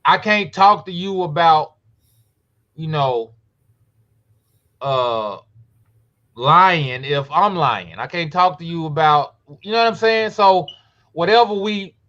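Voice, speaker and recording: A man's voice: a little high, lively intonation, slow pace, pauses often, fairly bright tone, lo-fi sound. A man reflecting in casual chat on scripture, and often checking that his listener follows. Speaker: co-host.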